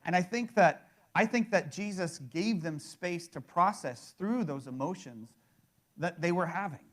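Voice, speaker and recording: Male pastor, 30s, slightly high pitch, casual conversational sermon delivery. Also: expressive, unhurried. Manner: conversational, repeats words and restarts, fills with "right?".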